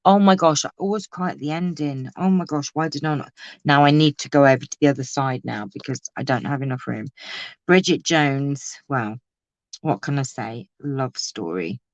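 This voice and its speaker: A woman's voice: extremely low pitch, normal speed, dry recording. Bubbly woman crafting live, gushing and laughing, dull dry lo-fi audio. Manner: chatty, exclamatory, laughs often. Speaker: crafting vlogger. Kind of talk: casual live crafting chat.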